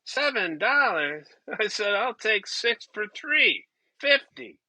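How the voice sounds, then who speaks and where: A man playing an awkward amateur stand-up comedian who chuckles at his own weak jokes and clears his throat nervously. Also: high-pitched, slow, pushed and bright, no room sound, exaggerated voice, rough recording. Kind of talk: comedy sketch stand-up bit.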